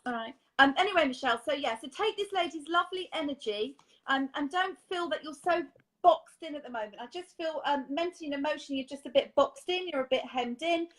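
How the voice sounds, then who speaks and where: Brief: woman, psychic medium, affectionate, loving tone, voice on the high side. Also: expressive, quick pace, rough recording. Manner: warm, affectionate, relays spirit messages. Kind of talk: live spirit reading.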